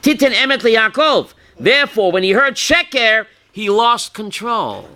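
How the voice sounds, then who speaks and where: A man leading a Torah class, his high voice leaping up and down as he quizzes listeners by name. He has a bright, forceful edge and pushes hard when he wants a point to land. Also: sing-song, measured pace. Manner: calls on listeners by name, asks questions, bursts loud. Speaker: rabbi teaching a class.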